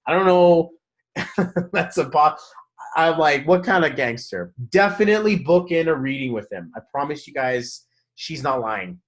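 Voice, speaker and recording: A man's voice: fairly high pitch, expressive, a little slow. A man hosting a live stream as a numerology reader, upbeat and effusive, greeting viewers by name and speaking in spiritual, motivational phrases. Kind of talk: live-stream chat with viewers, giving readings.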